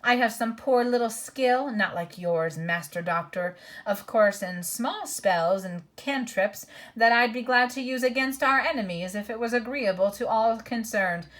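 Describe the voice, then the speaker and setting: A woman voicing a fawning, whining old hag who flatters as she talks. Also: a little high, a little slow, few pauses, pitched above the performer's own voice. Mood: wheedling. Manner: wheedling, flattering.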